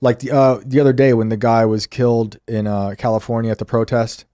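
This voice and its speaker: A man appearing as a guest on a casual panel talk show, agreeing often and chiming in quickly. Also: mid-range voice, flat delivery, mellow, no echo, clean studio sound. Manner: quick, agreeable, frequent backchannel. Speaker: podcast guest.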